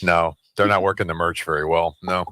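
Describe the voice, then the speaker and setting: Male radio host, very deep and forceful, emphatic and rhetorical, dry close sound. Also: fairly even intonation, brisk, no room sound. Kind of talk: casual political chat.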